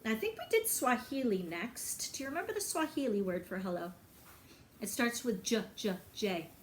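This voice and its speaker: High-voiced woman teaching little kids music. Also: very animated, normal speed, slight background noise. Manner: bright, encouraging teacher talk to young kids, breaking into song. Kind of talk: children's music lesson.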